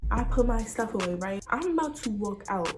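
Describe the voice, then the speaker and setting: A young woman vlogger telling a story in a lively, slangy, dramatic way. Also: a little high, brisk. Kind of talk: casual storytime vlog.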